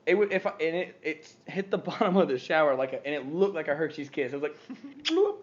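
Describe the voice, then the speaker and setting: Man, podcast co-host, quick rambling talk, dull lo-fi audio. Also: a little high. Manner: rambling, animated storytelling with laughs. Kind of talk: casual podcast chat.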